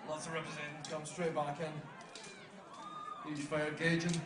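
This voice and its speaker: Scottish man commentating, high voice. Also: huge pitch swings, measured pace, crowd noise. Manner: chatty, joking banter. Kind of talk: live sports commentary. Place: outdoor fighting tournament venue. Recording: echoey, distant, noisy arena.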